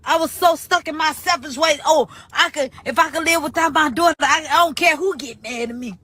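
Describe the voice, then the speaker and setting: A woman's voice: high voice, a little fast, bright, forceful tone. A woman speaking through grief in a pleading, preaching way, urging listeners to show mercy and citing scripture. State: grieving. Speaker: grieving sister in a live video. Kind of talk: emotional testimony.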